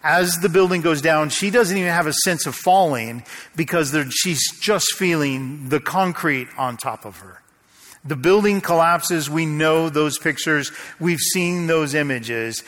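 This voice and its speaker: Male pastor preaching, slightly high voice, storytelling delivery, long hall reverb. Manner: storytelling, slows and drops to a hush at tense moments. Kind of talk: sermon.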